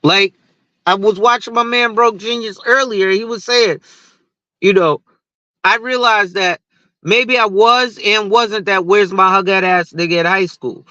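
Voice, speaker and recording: A man's voice: high-pitched, unhurried, bright, forceful tone, no echo, lo-fi sound. A man who talks insurance on social media, ranting in a casual, profane and rambling way and laughing at his own stories. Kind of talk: casual rant to camera.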